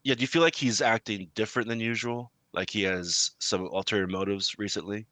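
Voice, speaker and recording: A man's voice: fairly low pitch, a little fast, sharp tone, no room sound. A man playing a tabletop role-playing game, asking questions hesitantly with many restarts. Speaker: player.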